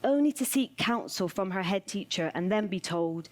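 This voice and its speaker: A woman delivering a spoken word performance in a measured, rhythmic way, returning to repeated refrains. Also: medium pitch, lively intonation. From United Kingdom.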